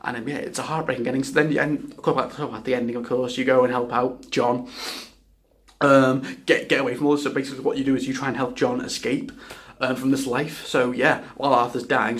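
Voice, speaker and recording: A man chatting through a video game review at a mid-range pitch. He is enthusiastic and loose, stumbling over words and restarting sentences. Now and then he swears. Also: level tone, fast talker. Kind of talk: casual spoken game review.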